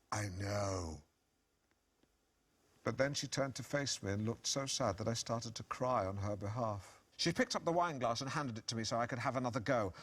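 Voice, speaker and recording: A middle-aged man, reading comic passages from his own book at an audience event and then answering questions in a pompous, self-satisfied, deadpan manner. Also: lowish voice.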